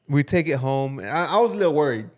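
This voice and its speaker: A man co-hosts a casual podcast with a slightly high voice. He tells stories loosely and swears now and then. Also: animated, fast talker. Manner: storytelling, loose and profane. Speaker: podcast co-host. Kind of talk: casual chat.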